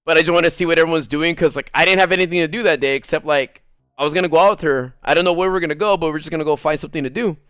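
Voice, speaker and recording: A man streaming a game while telling a story in casual chat, animated, swearing freely and laughing often. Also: fairly high pitch, rapid-fire, clear, resonant tone, no room sound, clean studio sound.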